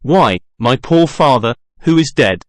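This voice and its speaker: A man reading the lines of a young woman singer in a gentle, slightly raised voice. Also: mid-range voice, lively intonation, measured pace, no echo, studio quality, lightly acted. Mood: earnest.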